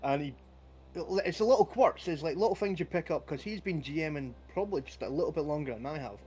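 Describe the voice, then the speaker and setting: A man's voice: fairly high pitch, fast talker, a little mellow, slightly rough, faint music behind. Chatty man telling anecdotes. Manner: chatty, anecdotal storytelling with laughs. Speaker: podcast host and game master. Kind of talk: casual chat.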